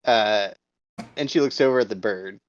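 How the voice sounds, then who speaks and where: A man's voice: on the low side, moderate pace. A man playing a goblin in a tabletop game, blunt and stern in character. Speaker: player. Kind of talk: tabletop role-play. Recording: dull lo-fi mic.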